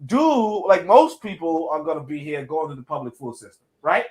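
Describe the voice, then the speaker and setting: A middle-aged man with a high-pitched voice talks freely in a casual podcast conversation. He is animated, repeats words as he thinks aloud, and keeps tagging "right?" onto his points. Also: normal speed, low-quality recording. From Caribbean family, Jamaican parents. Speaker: podcast co-host. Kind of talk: casual discussion.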